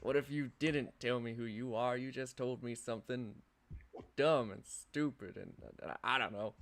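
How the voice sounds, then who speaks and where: A man's voice: medium pitch, moderate pace, fairly bright tone, close to an everyday voice. A man voicing a nervous armed stranger in a tabletop game, menacing yet quivering and stammering. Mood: nervous menace. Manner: threatening but shaky, stammering.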